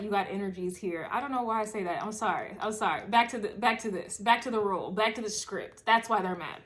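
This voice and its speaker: A woman's voice: a little high, fairly bright tone. Chatty, playful woman reading tarot. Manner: chatty and playful, full of hums and asides. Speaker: tarot reader. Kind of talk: casual tarot reading to camera.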